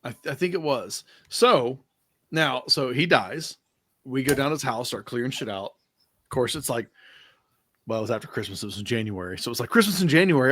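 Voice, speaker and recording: A male podcast host tells a meandering story in loose, casual conversation. He laughs easily and drops the occasional curse. His voice sits at an ordinary pitch, and the sound is dry and close with no room echo. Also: fairly quick, fairly bright tone. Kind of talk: casual chat.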